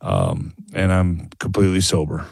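A man, a former boxer, guest on a radio interview, telling a personal story in a halting way with many restarts. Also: sits low, big pitch swings, vocal fry, darkish tone, slightly rough, dry recording. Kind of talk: candid phone-in interview.

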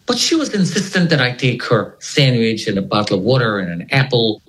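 A man's voice: medium pitch, big pitch swings, brisk, a bit bright, low-quality recording. A man telling a gripping personal story as an interview guest, retelling it dramatically and repeating words for effect. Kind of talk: animated spoken storytelling.

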